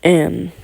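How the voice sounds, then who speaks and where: A man's voice: high voice, gravelly, warm tone, breathy edge, no room sound. A man casually narrating a fan-made story, rambling with slangy asides and wandering off on tangents.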